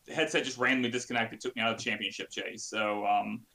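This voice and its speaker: A man telling racing stories in casual chat, rambling and restarting his sentences when excited. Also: on the low side, fast. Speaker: sim racing podcast guest. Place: home sim racing setup.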